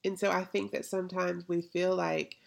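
A woman's voice: on the low side, level tone, normal speed, creaky. A woman hosting a faith podcast, preaching in a conversational way and often asking "right?". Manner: conversational preaching with rhetorical questions. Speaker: podcast host.

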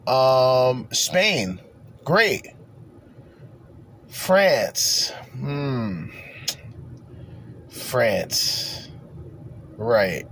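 A man's voice: mid-range voice, very animated, drawn-out words, pauses often, a bit bright, slight background noise. A man co-hosting a podcast, talking in a loose, profane, rambling way in casual chat. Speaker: podcast co-host.

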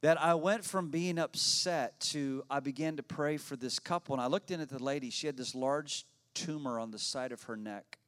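A man's voice: mid-range voice, moderate pace, hardly any pauses, fairly bright tone, clean tone. A man, a pastor telling a personal story in a sermon, talking conversationally, often repeating his words and laughing.

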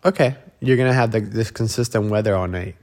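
A man's voice: on the low side, fast, darkish tone. A man co-hosting a podcast in casual chat, chiming in with short, laid-back remarks. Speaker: podcast co-host.

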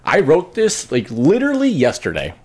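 A man's voice: on the high side, wildly swooping pitch, moderate pace, a little mellow, slight background noise. A man hosting a comedy podcast, upbeat and leading the segments. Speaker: podcast host. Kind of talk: casual chat.

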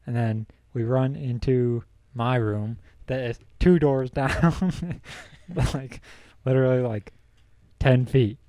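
Young male podcast host, warm mellow tone, dry close sound, laid-back storyteller who laughs a lot. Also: mid-range voice, slow pace, no echo. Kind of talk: casual storytelling.

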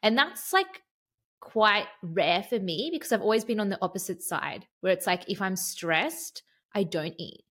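A woman's voice: mid-range voice, lively intonation, moderate pace, a bit bright. A young woman co-hosting a podcast, talking in a candid, chatty way and sometimes losing her train of thought. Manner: chatty, candid, tangent-prone. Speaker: podcast co-host. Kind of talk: casual chat.

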